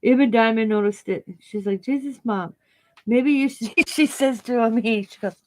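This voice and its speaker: Her voice sits on the high side with a darkish tone as she chats casually at a moderate pace, working on a project for her craft channel. She rambles, giggles often, repeats herself, and has a light stutter.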